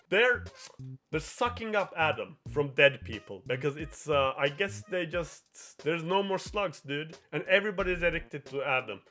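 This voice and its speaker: A man's voice: fairly high pitch, bright, forceful tone. A young man hosting a show, retelling a game plot in a rambling, profane, giggly way. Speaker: host.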